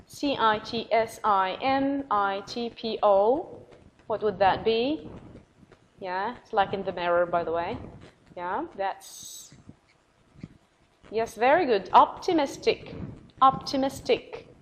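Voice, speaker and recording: A woman teacher with an Arabic accent giving a recorded English vocabulary lesson, encouraging, spelling words out letter by letter and repeating them slowly. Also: mid-range voice, slight background noise, poor audio.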